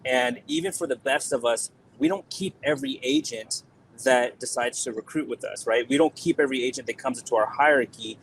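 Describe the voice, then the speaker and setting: A man's voice: mid-range voice, fairly quick, a bit bright, a little hiss or hum, rough recording. A man who is a guest on a podcast, explaining his views in an emphatic, persuasive way over a video call. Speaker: podcast guest, insurance software expert. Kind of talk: casual podcast interview.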